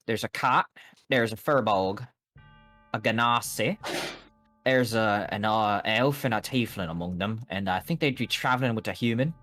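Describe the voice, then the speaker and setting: Man doing a gruff imposing investigator. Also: mid-range voice, a bit bright, no room sound. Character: imposing male traveling investigator. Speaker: player.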